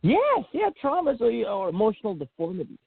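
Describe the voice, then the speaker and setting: A man guest on a podcast telling an emotional personal story, animated and acting out what people said, with many fillers and restarts. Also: high-pitched, a little fast. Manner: animated, acts out quotes, frequent fillers and restarts. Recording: phone-like narrow band audio.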